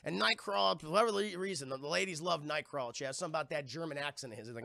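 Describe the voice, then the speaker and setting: A man's voice: fairly high pitch, very fast, creaky, few pauses, bright, forceful tone, no echo, clean studio sound. A young man reviewing a TV episode on a live stream, rambling and swearing a lot and constantly talking to his chat. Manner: profane, rambling, keeps addressing chat.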